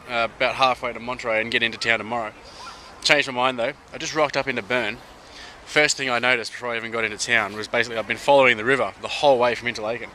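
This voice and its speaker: A man's voice: medium pitch, pushed and bright, a little hiss or hum. Chatty Australian man vlogging outdoors. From Sydney, Australia. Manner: chatty and upbeat, with slangy asides. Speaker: travel vlogger. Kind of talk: casual travel vlog to camera. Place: outdoors by a river on a hot day.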